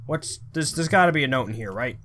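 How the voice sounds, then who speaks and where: A man's voice: medium pitch, lively intonation, fast talker, a bit bright, slight background noise. A man commentating his horror game playthrough in a confused, rambling way with frequent swearing. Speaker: let's play gamer.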